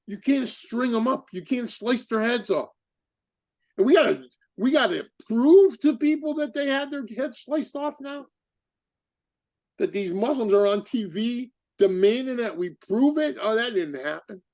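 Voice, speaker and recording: A man hosting a podcast, giving heated, indignant commentary full of rapid rhetorical questions. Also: extremely high pitch, animated, a little mellow. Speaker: podcast host. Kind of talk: impassioned commentary.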